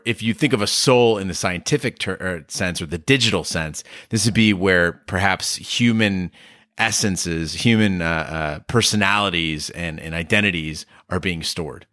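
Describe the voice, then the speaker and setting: A man co-hosting a podcast, talking quickly and emphatically in casual discussion. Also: sits low, bright, forceful tone, no room sound, studio quality. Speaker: podcast co-host.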